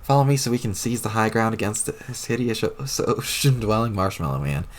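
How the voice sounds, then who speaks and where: A man reading aloud as a wry, deadpan teenage girl adventurer who rambles. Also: lowish voice, a little fast.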